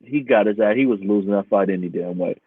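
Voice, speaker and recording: A man co-hosting a casual sports chat, talking in an animated, profane way and laughing often. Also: on the low side, fast talker, slightly rough. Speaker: podcast co-host. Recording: tinny phone-like sound, dry.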